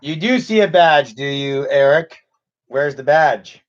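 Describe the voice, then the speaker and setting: A man hosting a casual livestream chat, halting and chuckling often. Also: fairly high pitch, animated, dull audio. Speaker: channel host on a livestream.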